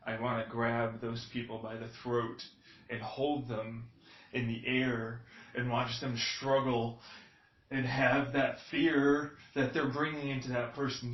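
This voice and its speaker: Foul-mouthed man, slow and echoey. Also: mid-range voice, level tone. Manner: profane, rambling, flares into shouting anger. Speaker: video journal host. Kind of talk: casual reaction commentary. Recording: dull lo-fi sound in an echoey room.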